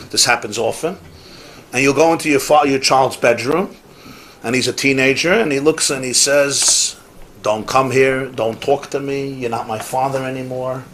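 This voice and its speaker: A man's voice: mid-range voice, a bit bright, a little hiss or hum. A rabbi giving a Torah class, emphatic and repeating his key phrases, with Yiddish and Hebrew words mixed in.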